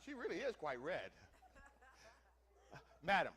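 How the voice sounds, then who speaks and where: Playing a wagon teamster in first person, a man entertains a church hall audience with theatrical questions. He speaks at normal speed in a fairly high, slightly bright voice with lively intonation.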